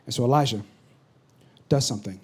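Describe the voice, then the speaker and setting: A pastor preaching a sermon, swinging from loud urgent bursts to low confiding asides. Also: male voice, fairly quick, slight background noise.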